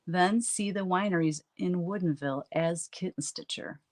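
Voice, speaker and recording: A woman's voice: on the low side, measured pace. A woman who hosts a live painting stream, chatting casually with viewers and telling funny stories with frequent laughter. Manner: chatty storyteller, laughs often. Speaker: artist hosting a live stream. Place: home art studio, standing at work.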